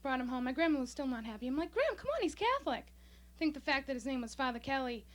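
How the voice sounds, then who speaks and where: A young woman doing a stand-up comedy set on a club stage, bubbly and excitable, tumbling over her words. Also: high voice, fast, a little hiss or hum. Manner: bubbly, excitable, breathless delivery. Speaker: stand-up comic. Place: small comedy club stage, audience laughing.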